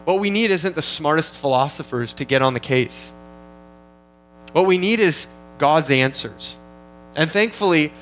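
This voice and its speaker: An earnest male pastor delivers a sermon, his voice pitched a little high for a man. He teaches steadily, often repeating and restarting phrases as he thinks aloud. Faint music plays softly behind him. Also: animated, a little slow, rough recording. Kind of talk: expository sermon.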